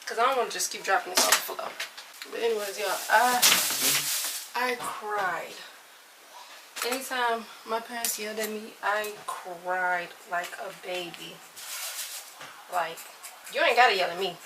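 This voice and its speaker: A woman in her thirties chatting casually to camera in her kitchen while cooking, animated and folksy. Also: medium pitch, unhurried, pauses often. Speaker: vlogger. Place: home kitchen, moving around. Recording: slightly distant with faint room noise.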